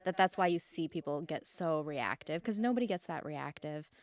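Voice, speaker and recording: A woman hosting a podcast, chatting casually and explaining things with lively emphasis. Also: sits low. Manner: expressive, explains things with quick bursts of emphasis. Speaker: podcast host. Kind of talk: casual interview chat.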